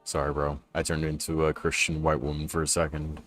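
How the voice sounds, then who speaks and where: A man's voice: extremely low pitch, completely flat delivery, fairly quick, fairly bright tone, soft background music. A young man streaming a game, chatting casually with a friend in slangy jokes, and getting tired. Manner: joking, slangy, tired toward the end. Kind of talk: casual gaming chat on stream.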